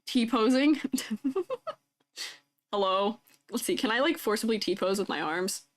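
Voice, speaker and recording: A woman's voice: medium pitch, animated, slow. A young woman streamer chatting casually with her viewers, giggling often and reacting playfully to fan art. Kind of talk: casual live stream chat.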